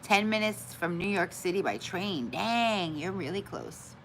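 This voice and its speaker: Chatty low-voiced woman live-streaming. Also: very animated, unhurried, a little hiss or hum, low-quality recording. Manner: chatty, reads out viewer comments and greets viewers by name; self-deprecating, laughs at her own forgetfulness. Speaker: livestream host. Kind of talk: casual live-stream chat.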